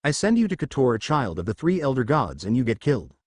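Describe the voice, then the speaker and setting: A man voicing a brutal titan general who booms out commands in a lively, varied delivery. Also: fast, no echo. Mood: commanding. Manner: booming, commanding.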